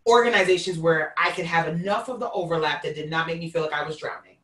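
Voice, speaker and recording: A woman with a Queens accent hosts a casual live-streamed chat. Her voice is bright and forceful, and it sounds echoey and set back from the mic. She is expressive and folksy, and she calls her listeners "y'all.". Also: on the low side, fast talker, recorded from a distance. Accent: Queens New York. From New York. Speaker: host.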